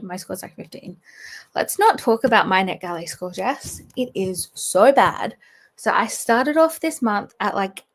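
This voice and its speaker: A young woman, hosting a book channel livestream in casual, rambling chat with many fillers and soft laughs. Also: a little high. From Australia.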